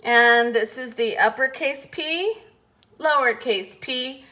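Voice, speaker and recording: A woman teaching letter sounds in a slow, patient phonics lesson, carefully over-enunciating each sound. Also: sits high, bright, forceful tone.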